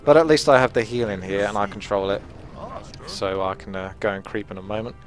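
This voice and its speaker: A man's voice: lowish voice, fairly quick, faint music behind. A man hosting his own gaming channel, giving chatty, self-mocking play-by-play commentary. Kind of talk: live gameplay commentary.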